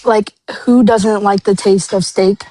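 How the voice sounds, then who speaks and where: Hesitant woman caller, mid pitch. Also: steady tone, measured pace, dark tone, no room sound, soft background music, low-quality recording. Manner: hesitant, full of "like" fillers. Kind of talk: casual debate chat.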